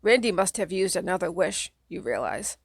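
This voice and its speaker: A woman's voice: lowish voice, sing-song, moderate pace, gravelly, breathy edge, dry recording. A woman reading a children's horror audiobook aloud, telling a second-person story in a dramatic way. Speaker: audiobook reader.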